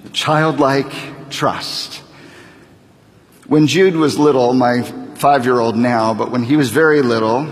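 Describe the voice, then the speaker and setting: A man in his thirties, a pastor preaching a sermon, speaking deliberately and building to fervent emphasis. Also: mid-range voice. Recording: long reverb of a large hall.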